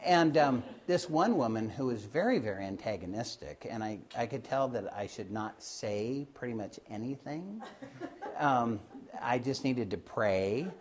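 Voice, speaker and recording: A man's voice: mid-range voice, lively intonation, unhurried, a little hiss or hum. A man telling stories from his healing work in a loose, hesitant way, with many fillers and restarts, and acting out the voices of the people he quotes. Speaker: Christian Science healer telling of his work. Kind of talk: informal storytelling talk.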